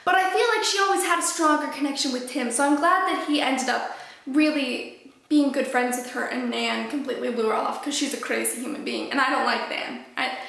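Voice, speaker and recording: A young woman giving a gushing, excitable book review in casual talk. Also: high-pitched, a little fast, gravelly. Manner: gushing, excitable, lots of fillers. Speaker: book vlogger. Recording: very echoey room.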